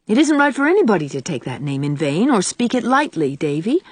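Female reader doing earnest young woman, storybook; low-ish, lively lilt, dry close read. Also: fairly quick, husky, dry recording. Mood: gently firm. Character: earnest young woman student, gentle but firm.

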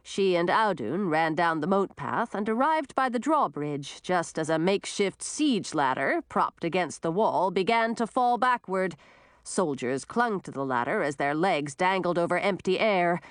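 A woman reading a fantasy story aloud with a lively, rising and falling delivery. Her voice sits in a middle range and sounds close and dry, with no room echo. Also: lowish voice, unhurried, clean tone. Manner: expressive, animated reading. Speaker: audiobook narrator. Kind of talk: storybook narration.

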